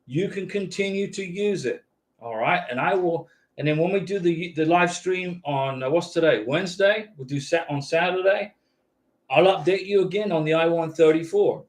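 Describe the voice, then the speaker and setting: Guy with a highish voice doing a live visa q&a from his home studio, chill and reassuring, always saying okay?. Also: moderate pace. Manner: casual, reassuring, repeats "okay?". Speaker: visa advice host. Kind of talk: live-stream Q&A reading chat. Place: home YouTube studio with lights.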